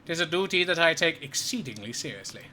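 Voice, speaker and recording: A man's voice: a little high, expressive, quick pace, pushed and bright, a little hiss or hum, voice pushed up. A man voicing a pompous, theatrical male doctor with grand, formal manners, reading game dialogue aloud. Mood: grandly courteous.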